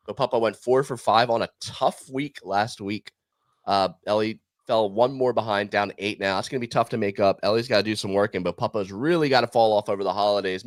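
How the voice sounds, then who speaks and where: A man's voice: fairly low pitch, dry recording. A man hosting a casual podcast, running through a prediction game in an upbeat, chatty way. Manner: upbeat, runs a prediction game with quick asides. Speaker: podcast host.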